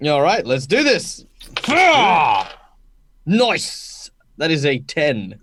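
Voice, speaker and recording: Brief: chatty male player, expressive pitch, dry recording. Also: slow pace, no echo. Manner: jokey, chatty. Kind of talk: casual tabletop game chat.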